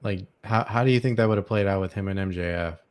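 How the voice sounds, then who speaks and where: Young male podcast host, lowish voice that cracks, rambling opinionated chat. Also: quick pace, darkish tone. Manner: rambling, opinionated, with many fillers and restarts. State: voice cracking, dry throat. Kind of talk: casual chat.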